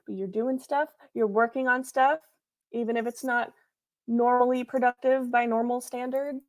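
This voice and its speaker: Woman host, higher voice, home livestream, earnest repeated affirmations, playful. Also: fairly even intonation, normal speed. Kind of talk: encouraging pep talk to viewers.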